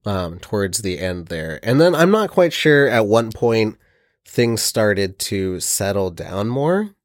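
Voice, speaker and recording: A man's voice: on the low side, big pitch swings, slow, no room sound, clean studio sound. A man in casual chat, telling an earnest, rambling account.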